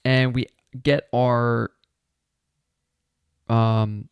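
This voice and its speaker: Casual board game streamer, male, smooth and clear, close and dry, talks through each move. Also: medium pitch, little pitch movement, extremely slow, no echo, muffled recording. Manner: thinking aloud, asking viewers, counting moves. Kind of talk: casual solo game playthrough.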